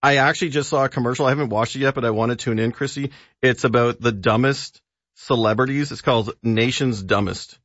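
A man's voice: mid-range voice, brisk, fairly bright tone, dry recording, lo-fi sound. Easy-laughing man on talk radio. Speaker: radio entertainment contributor. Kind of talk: casual radio chat. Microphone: studio microphone.

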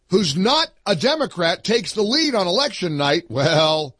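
Man, opinion monologue, husky, high and lively pitch, mocking, slow delivery. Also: no echo. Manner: sarcastic, mocking, animated. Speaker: political commentator.

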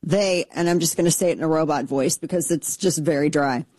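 Show host, casual commentary, sarcastic, rambling, mid-pitched, dry sound. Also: fairly quick, darkish tone, no room sound.

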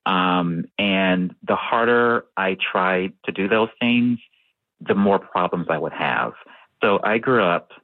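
Interview guest, male, low voice, dry sound, calm and measured, light stutter. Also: no echo. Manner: measured, with fillers and occasional stutters. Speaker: researcher and guest who stutters. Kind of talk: interview answers. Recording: tinny phone-like line.

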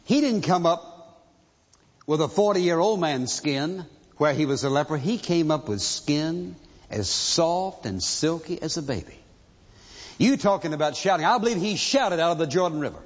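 A pastor preaching a sermon, telling a story with emphasis and asking rhetorical questions, in a dull, echoing recording from a large church hall. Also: male voice, a little high, animated, normal speed.

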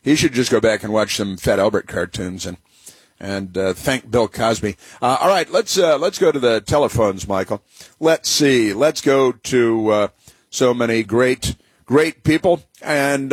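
A man hosts a talk radio show, musing sarcastically and wandering through his points with plenty of "uh"s. His voice is slightly husky and sounds dry and close to the mic. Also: medium pitch, unhurried, dry recording. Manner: sarcastic, rambling with many fillers.

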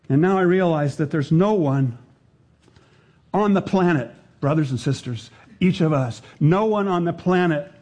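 A man preaching a sermon, earnest, rising to emphatic lines and dropping to hushed, intense ones. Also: sits high.

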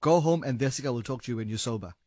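A man's voice: medium pitch, rapid-fire, warm tone, no echo, studio quality, lightly acted. An actor playing a protective new partner who orders a drunk man out, firm and stern.

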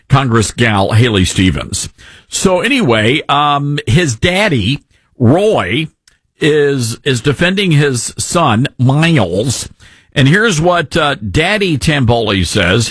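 A man's voice: medium pitch, sing-song, unhurried, slightly rough, no room sound. A man hosting a talk radio show, speaking in a folksy, sarcastic way from a studio microphone. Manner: folksy, sarcastic, scoffing asides.

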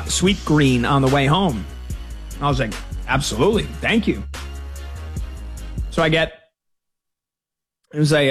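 A man's voice: on the high side, fairly bright tone. A man hosting a sports talk radio show, telling stories with jokey mock outrage.

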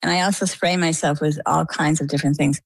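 A woman's voice: low voice, quick pace, slightly rough, no room sound, poor audio. A middle-aged woman from Maine, telling her own story as an interview guest and acting out what others said to her. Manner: lively storyteller, acts out quoted dialogue.

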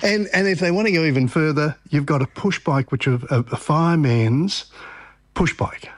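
An Australian man hosting a radio show on location, gushing with excitement and piling up exclamations. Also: fairly high pitch, moderate pace, no room sound. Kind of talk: enthusiastic on-location interview.

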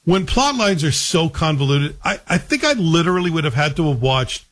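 A man's voice: on the high side, lively intonation, a little fast, a bit bright. A man giving a casual spoken review of a TV series, chatty and wry, with conversational asides.

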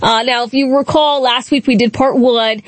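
A woman's voice: a little high, steady tone, normal speed, no room sound. A woman with a nasal voice hosting a talk show, giving casual, sarcastic political commentary and laughing often.

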